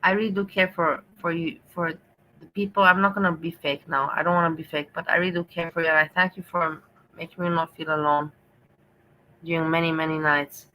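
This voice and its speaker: A woman's voice: low voice, level tone, fairly quick, pushed and bright, slight background noise, poor audio. A woman hosting a casual livestream, chatting affectionately and playfully with her viewers. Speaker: livestream host.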